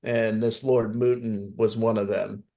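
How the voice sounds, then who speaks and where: A man co-hosts a podcast in easygoing, casual chat. His voice sits slightly low as he gives firm opinions and explains lore from the books, with frequent ums and "you know"s along the way. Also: flat delivery, measured pace, vocal fry, warm tone. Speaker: podcast co-host.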